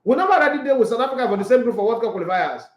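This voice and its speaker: A man's voice: extremely high pitch, lively intonation, very fast, roomy sound. A man with a Nigerian accent hosting a casual sports live stream, bantering and reading viewer comments aloud. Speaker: sports channel host.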